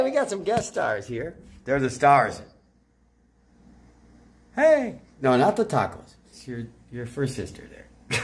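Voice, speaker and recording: A man's voice: medium pitch, big pitch swings, a little slow. A man rambling in a casual monologue as a self-styled father of all creation, erratic and profane with sudden outbursts.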